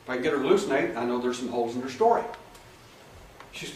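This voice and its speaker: A man speaking as a hypnotherapist gives an animated talk to an audience, playing out both sides of the dialogue with sudden loud bursts. His voice sits at a middle pitch. It is picked up from a distance in an echoey room with a faint hiss behind it. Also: quick pace. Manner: animated storyteller acting out dialogue in raised voices. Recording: echoey room, far from the mic, faint noise.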